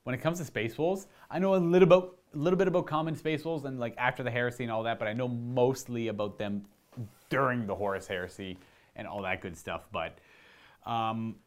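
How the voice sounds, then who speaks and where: A man's voice: medium pitch, brisk. A young man from Canada casually answering viewer questions about tabletop wargaming, chatty and rambling with enthusiasm. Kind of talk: casual live Q&A chat.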